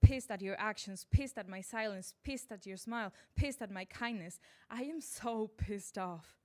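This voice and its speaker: A woman's voice: mid-range voice, normal speed. A woman performing a short spoken word poem with an angry, repetitive, building rhythm on a poetry cafe stage. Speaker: open mic poet.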